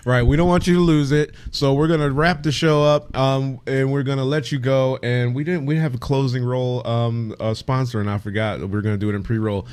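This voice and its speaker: A man's voice: medium pitch, steady tone, a little fast, few pauses, a little mellow, smooth. A man hosting a podcast in easygoing casual chat, often laughing and rambling. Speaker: podcast host.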